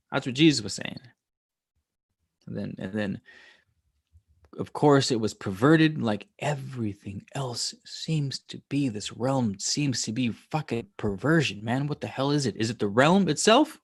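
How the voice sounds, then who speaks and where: A man hosting a casual livestream, reading scripture aloud and musing on it in a profane, irreverent way. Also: on the high side. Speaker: livestream host.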